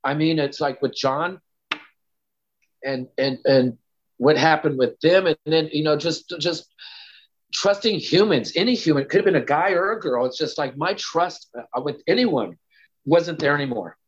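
A man's voice: on the high side, normal speed, breathy edge, dull audio. A man telling a candid personal story as an interview guest, rambling with lots of "you know" and "like".

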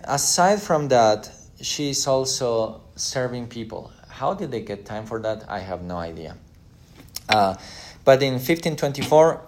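A man's voice: mid-range voice, a little mellow. A man giving a history lecture: he reads an old letter aloud, then retells the story casually with acted-out quotes.

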